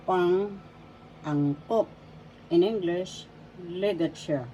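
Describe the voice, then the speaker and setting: A woman teaching a language lesson, repeating each word slowly and spelling out syllables. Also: fairly low pitch, warm tone, muffled recording, a little hiss or hum. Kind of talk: slow spoken language lesson.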